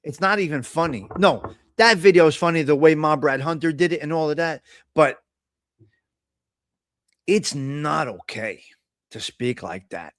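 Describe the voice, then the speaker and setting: A man's voice: on the high side, expressive, unhurried, pauses often, a bit bright, no room sound, clean studio sound. A man hosting a casual live stream, talking bluntly with a lot of profane trash talk. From Italian American. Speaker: host.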